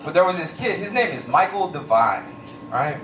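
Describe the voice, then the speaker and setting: A man's voice: on the high side, normal speed, roomy sound, far from the mic. A young man doing a stand-up comedy set, telling stories animatedly and slipping into voices. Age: young adult. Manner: animated storytelling with lots of voices and shouts.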